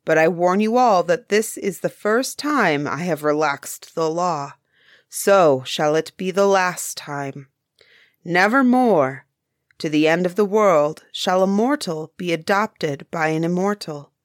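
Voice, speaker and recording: A woman's voice: on the low side, lively intonation, slow pace, no echo, studio quality. A woman voicing a stern, grave old male master of the forest in a bedtime storybook reading. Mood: solemn. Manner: grave, commanding.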